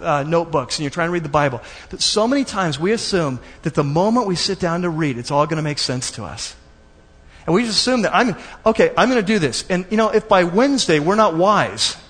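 A man preaching a sermon in a lively, conversational way, acting out little asides for the congregation. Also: sits high, big-room sound. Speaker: pastor.

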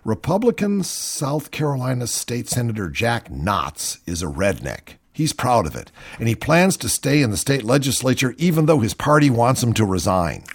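A man's voice: mid-range voice, normal speed, hardly any pauses, breathy edge. Talk radio guy, mocking the news, voice bouncing up and down a lot. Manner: mocking, animated, reads news aloud. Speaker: radio talk show host. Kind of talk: sarcastic political talk.

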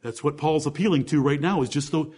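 High-voiced emphatic male preacher. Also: fairly quick, darkish tone, slightly rough. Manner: emphatic, with rhetorical questions. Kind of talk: sermon, verse-by-verse Bible teaching.

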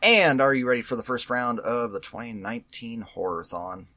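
Guy running a podcast, bright voice, jokey and teasing, laughs easy. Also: mid-range voice, moderate pace. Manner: teasing, laughs often, runs the segments. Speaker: podcast host. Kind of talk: casual podcast chat.

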